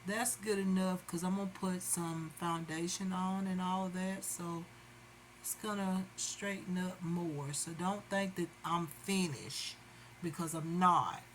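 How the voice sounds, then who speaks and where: A woman's voice: lowish voice, steady tone, takes it slowly, a little hiss or hum, low-quality recording. A woman chatting casually to viewers while doing her makeup. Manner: chatty, addresses viewers as y'all. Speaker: beauty vlogger. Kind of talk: casual makeup tutorial chat.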